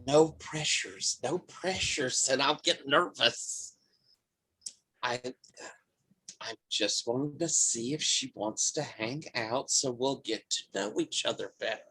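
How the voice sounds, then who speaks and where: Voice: mid-range voice, takes it slowly, sharp tone, slightly rough, full character voice. Player voicing a nervous, cheerful female angel. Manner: hesitant, stammering. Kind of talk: tabletop role-play in character.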